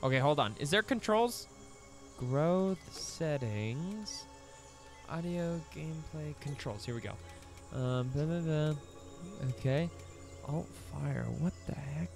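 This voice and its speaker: A young man giving casual let's play commentary, excitable, breaking into squeaky high exclamations. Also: slow, gravelly, faint music behind.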